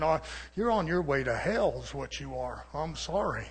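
A man preaching a fiery, confrontational sermon, swinging between muttered asides and shouting. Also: on the high side, sing-song, moderate pace, slightly rough.

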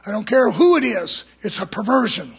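A man preaching a fiery sermon in a church, swinging from loud shouts to low murmurs. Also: very animated, moderate pace, creaky, slightly rough.

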